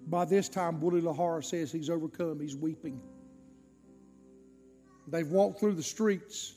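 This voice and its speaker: Telling a story in his sermon at a measured pace, a high-voiced male preacher swings dramatically between booming highs and quiet lows. Faint music sits beneath him, and his voice rings with the long reverb of a church hall.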